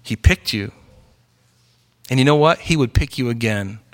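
A man's voice: mid-range voice, lively intonation, normal speed. A middle-aged man preaching a sermon as pastor, emphatic and full of rhetorical questions.

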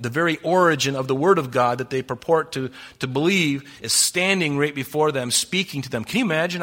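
Male pastor, fairly high and bright voice, easygoing verse-by-verse sermon, lots of rhetorical questions. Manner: conversational, fond of rhetorical questions. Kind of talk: sermon, verse-by-verse Bible teaching.

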